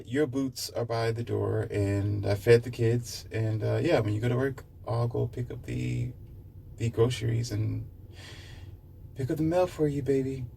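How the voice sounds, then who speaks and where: A man voicing a sweet, doting homemaker woman who coos softly. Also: mid-range voice, gravelly, slightly rough, distant mic, heavily acted. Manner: cooing, soft and hushed.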